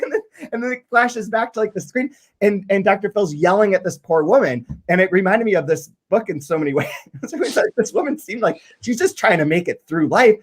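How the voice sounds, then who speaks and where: Animated, cursing podcast host man. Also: high-pitched, fairly quick. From Michigan, USA. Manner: animated, swears freely, stumbles over restarts. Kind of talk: casual book discussion.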